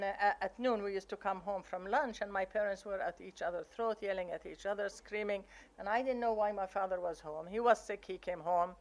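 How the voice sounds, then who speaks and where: Older Arabic-accented woman telling stories. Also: mid-range voice. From Palestine. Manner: animated storytelling, acting out family quotes. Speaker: memoir author. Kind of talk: reading and telling memoir stories.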